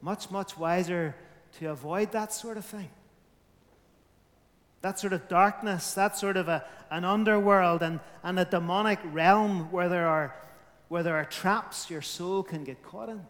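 A man's voice: sits high, a little slow, a bit bright, in a large hall. A man preaching a sermon, emphatic, his volume rising and falling.

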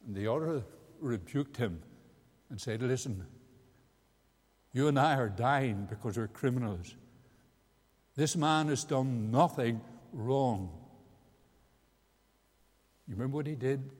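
A man's voice: medium pitch, darkish tone. A man preaching an evangelistic sermon in a meeting house, earnest and building to emphatic peaks. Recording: long hall reverb.

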